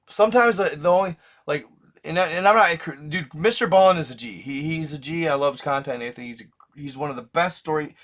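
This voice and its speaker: A man's voice: on the high side, fairly bright tone. A young man hosting his channel, rambling casually in profane slang full of restarts. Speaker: channel host.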